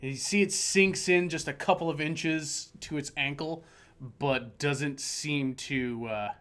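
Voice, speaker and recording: A man's voice: a little high, slow, fairly bright tone, clean tone. A man acting as game master, explaining rules and describing the scene with a playful, teasing manner. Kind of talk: narrating a tabletop game online.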